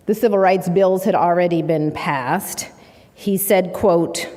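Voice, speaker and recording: A woman giving a measured, formal prepared speech. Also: mid-range voice, dark tone. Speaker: public speaker. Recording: long reverb of a hall.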